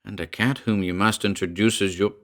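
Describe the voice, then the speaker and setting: A man voicing an old, dignified talking cat who is the narrator's father, speaking gravely and formally. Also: fairly low pitch, fairly even intonation, brisk, natural voice.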